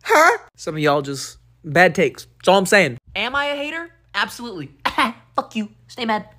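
A man's voice: high-pitched, big pitch swings, normal speed, bright, forceful tone. A man talking casually and sassily to a phone camera, ranting in short comic bits. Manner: casual, sassy, rants.

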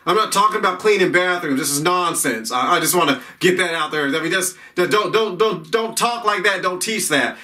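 High, bright-voiced rambling preacher man. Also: far from the mic. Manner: rambling, repeats himself, restarts often. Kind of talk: informal sermon teaching.

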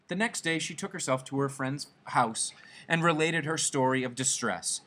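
A man reading a classic short story aloud, in an expressive, dramatic manner. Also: medium pitch, moderate pace. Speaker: story reader.

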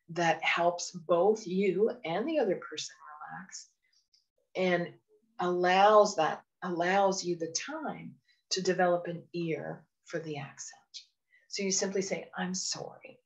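A woman from Canada with a slightly low voice leads a webinar on handling phone calls. She talks in an earnest, encouraging way, often adding "you know" as she explains. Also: poor audio. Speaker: phone communication trainer. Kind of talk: webinar presentation.

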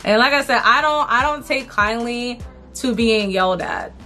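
Bright-voiced woman venting in a storytime. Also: on the high side, moderate pace, soft background music. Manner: animated, indignant storytelling with slang and repeats. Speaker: beauty vlogger. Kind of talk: storytime chat while doing makeup.

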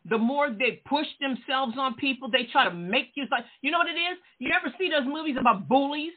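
A woman pastor preaching a fervent sermon, peppering her talk with "Amen" and questions to her listeners. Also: high voice. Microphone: phone line, radio call-in show. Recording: tinny phone-line sound.

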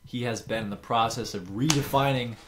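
A man's voice: mid-range voice, brisk, noisy background. A man co-hosting a podcast, chatting casually in a playful, teasing way. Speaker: podcast co-host. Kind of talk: casual chat.

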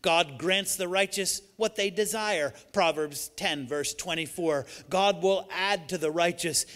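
A male pastor preaching a sermon with emphatic delivery, building up to shouted, repeated lines. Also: sits high, measured pace. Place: church sanctuary. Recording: long church hall reverb.

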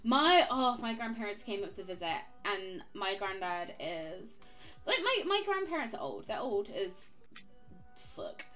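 A woman chatting casually on a live stream while gaming, telling animated stories with lots of laughter. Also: medium pitch, measured pace, soft background music. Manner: animated, giggly, swearing storyteller.

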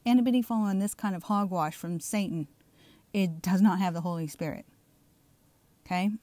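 A woman's voice: on the low side, normal speed, dark tone, no room sound. Fired-up Southern woman preaching. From Southern United States. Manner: emphatic, keeps asking "okay?"; fired up and insistent. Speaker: online preacher. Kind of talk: fiery religious commentary video.

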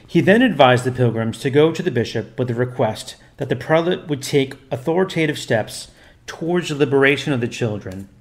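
A man narrating a religious history as a storyteller, in a steady, formal reading voice. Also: mid-range voice.

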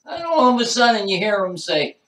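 A man's voice: high voice, very animated, a little fast, fairly bright tone, distant mic. A man telling a rambling stand-up story, circling back and repeating himself as he goes. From New Jersey. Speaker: comedian. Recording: echoey room, voice off-mic.

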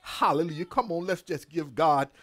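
A man's voice: a little high, normal speed, a bit bright. A man pastor delivering a devotional sermon, repeating words and calling out hallelujahs in a preacher's cadence.

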